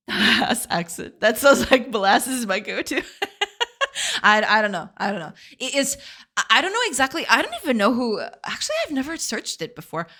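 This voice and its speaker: A woman's voice: a little high, big pitch swings, brisk, pushed and bright. A woman whose first language is Portuguese, chatting casually on a game dev live stream, giggling and answering chat.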